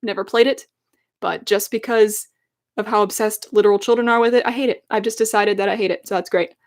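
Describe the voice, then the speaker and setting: A woman's voice: medium pitch, steady tone, fairly quick. A young woman in her twenties rants casually to her stream chat, sarcastic and full of likes and ums.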